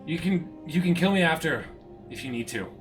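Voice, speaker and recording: A man's voice: on the high side, lively intonation, brisk, over music, pitched above the performer's own voice, lightly acted. A man doing a stammering, terrified young woman. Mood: pleading. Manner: pleading, stammering. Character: terrified young woman thief begging for mercy.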